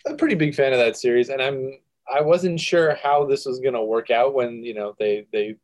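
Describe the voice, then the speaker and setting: A man with a mid-pitched, everyday voice joins a relaxed podcast conversation. He rambles a bit and hedges his points as he goes. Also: fairly quick. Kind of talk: casual chat.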